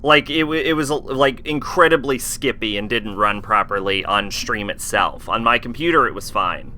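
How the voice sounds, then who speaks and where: A man's voice: mid-range voice, moderate pace, bright, forceful tone, a little hiss or hum. A man streaming a game live, chatting casually in a rambling way, full of fillers and swearing.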